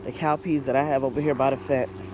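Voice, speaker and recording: A man's voice: medium pitch, level tone, fast talker, noisy background. Frustrated man venting outdoors in his garden. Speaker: gardening vlogger. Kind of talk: casual vlog talk. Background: insects and outdoor ambience.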